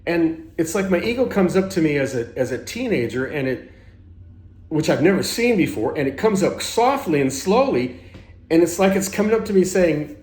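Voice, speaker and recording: A man's voice: on the high side, big pitch swings, moderate pace, darkish tone, reverberant. A man telling a personal story in a rambling way, with many restarts and self-corrections. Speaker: spiritual teacher.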